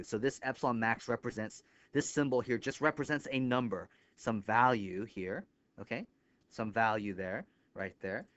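Smooth-voiced man explaining at a whiteboard. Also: medium pitch, fairly bright tone, dry recording. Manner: thinks aloud, punctuates steps with 'bam'; explains step by step with frequent 'right here'. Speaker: engineering instructor. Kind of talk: whiteboard lecture. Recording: slightly dull, lo-fi dry recording.

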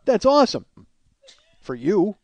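A man's voice: high voice, sing-song, a little slow, a little mellow. A man in his forties hosting a podcast, rambling through a crude comedic monologue, mocking himself and laughing at his own jokes. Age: 40s. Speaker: podcast host.

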